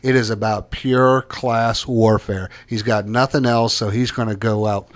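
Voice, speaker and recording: A man co-hosting a political talk show, emphatic and opinionated, with halting restarts. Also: on the low side, fairly even intonation.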